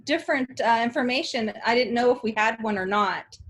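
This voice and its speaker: A woman's voice: fairly high pitch, a little fast, a bit bright. Nervous woman introducing herself on a call. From San Diego. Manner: friendly, slightly nervous. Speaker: student. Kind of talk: self-introduction in class. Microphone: video call.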